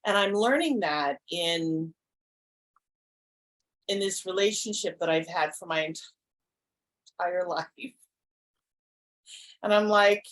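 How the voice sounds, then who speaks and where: A woman's voice: on the low side, slow, long pauses, a bit bright, rough recording. A woman hosting a podcast, talking earnestly and reflectively, often restarting her sentences. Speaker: podcast host. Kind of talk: casual conversation.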